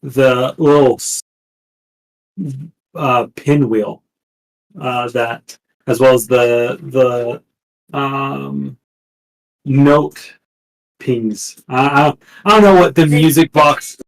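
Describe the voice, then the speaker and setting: A man's voice: mid-range voice, extremely slow, gravelly, long pauses, low-quality recording. Male game master, rambling descriptive narration.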